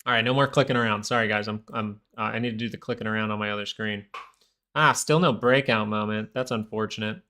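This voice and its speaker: A man's voice: fairly low pitch, fairly even intonation, quick pace, bright, forceful tone. A man hosting a live stock market stream, giving casual, rambling commentary full of restarts. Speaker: stock market livestream host.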